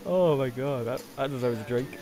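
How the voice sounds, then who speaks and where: A man in his twenties chatting casually while playing a shooter with friends, excitable and laughing often. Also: mid-range voice, normal speed. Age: 20s. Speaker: gamer. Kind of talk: casual gaming chat.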